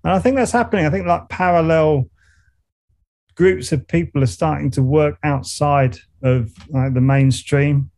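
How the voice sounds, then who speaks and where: A meditation coach and musician, middle-aged and from England with a Surrey accent, guests on a casual interview. He speaks at a moderate pace in a fairly high, darkish voice, reflective and rambling, often restarting and breaking into laughs.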